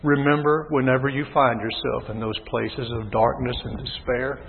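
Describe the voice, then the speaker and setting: A man preaching a sermon in a husky voice, swinging between low measured reading and loud impassioned calls. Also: fairly even intonation, slight background noise. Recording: tinny phone-like sound with long hall reverb.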